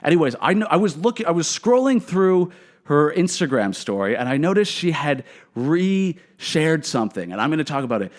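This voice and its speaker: A man's voice: on the high side, very animated, normal speed. A man, a comedian host telling a story in a casual monologue, swearing a lot and rambling with fillers. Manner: profane, rambling, full of fillers.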